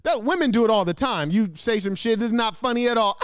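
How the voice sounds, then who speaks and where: A man with a high, lively voice mocks the clips he reacts to, brash and crude, firing off insults. His voice is close and dry, with no room sound at all. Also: fairly quick, few pauses, clear, resonant tone, no room sound. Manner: brash, mocking, crude insults with sudden laughs. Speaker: host. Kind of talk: profane reaction commentary on video clips. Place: studio.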